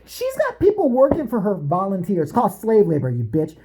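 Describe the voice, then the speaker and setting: A woman's voice: mid-range voice, a little fast. A woman vlogger delivering a profane, sarcastic comedic rant, jumping from topic to topic. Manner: foul-mouthed, animated, sarcastic, jumps between topics.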